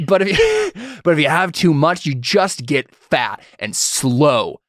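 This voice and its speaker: A man's voice: fairly high pitch, huge pitch swings, a little slow, a bit bright, no echo, clean studio sound, heavily acted. A man voicing a hearty, bossy middle-aged father who lectures in a folksy way and keeps asking "all right?". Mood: lecturing.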